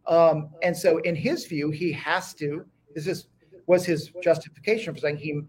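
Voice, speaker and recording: A man's voice: on the high side, steady tone, normal speed, husky. A man speaking as a guest historian in an interview, eager and talking in bursts with many restarts. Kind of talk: conversational interview.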